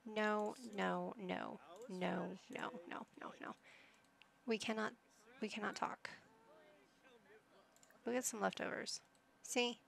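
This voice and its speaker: A woman's voice: medium pitch, steady tone, slow, creaky, pauses often, fairly bright tone. A young woman casually commentating a life-sim game, teasing and chatting to her characters. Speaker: gaming channel host. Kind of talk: casual let's-play commentary.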